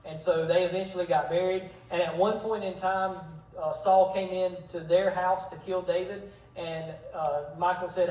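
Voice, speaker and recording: Male pastor, high voice, casual storytelling teacher, distant mic in an echoey church hall. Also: steady tone, moderate pace, a little mellow. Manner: storytelling, retells scripture in modern slang, acts out dialogue. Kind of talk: casual Bible study teaching.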